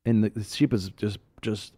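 Co-hosting a Christian talk show, a man teaches through casual chat, telling stories with animation and laughing often. He speaks at a moderate pace in a lowish voice.

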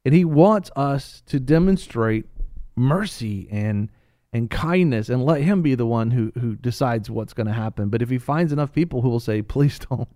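A middle-aged man hosting a Christian radio talk show, animated and joking with his co-hosts. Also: medium pitch, moderate pace, no echo, clean studio sound. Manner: animated, joking, shifts into a hushed dramatic reading. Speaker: radio host. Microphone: studio microphone.

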